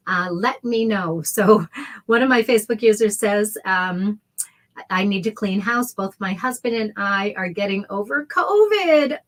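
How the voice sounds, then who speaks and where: A woman's voice: mid-range voice, a bit bright. A middle-aged woman hosting a casual sewing livestream, chatty and heartfelt, greeting viewers by name. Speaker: sewing show host. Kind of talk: casual livestream tutorial chat.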